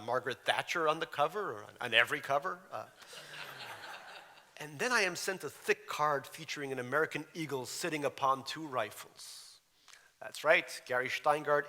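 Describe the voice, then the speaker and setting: A man's voice: medium pitch, moderate pace, sharp tone. A man in his forties, born in Russia, reading aloud from his memoir with wry, dry humor. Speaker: author. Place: lecture hall. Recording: reverberant lecture hall.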